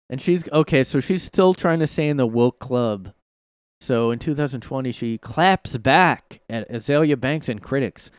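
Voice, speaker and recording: A man's voice: medium pitch, a little slow, clean tone, no room sound, clean studio sound. A man hosting a casual solo commentary podcast from his room, talking in a sarcastic, mocking way and laughing at his own jokes. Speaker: podcast host. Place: home room.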